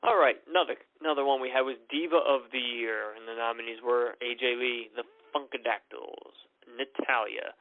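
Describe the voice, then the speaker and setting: A man's voice: mid-range voice, fairly even intonation, moderate pace. A male podcast host recapping wrestling awards on his own. He sounds tired and yawns, rambles with many ums and restarts, and gives blunt opinions. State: tired and yawning. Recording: dry, phone-like lo-fi audio.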